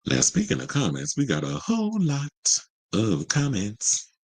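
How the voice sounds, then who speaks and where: A man hosting a casual commentary show and reading viewer comments in an animated, sassy, outspoken way. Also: medium pitch, measured pace, gravelly, slightly rough, no room sound, rough recording. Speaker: host.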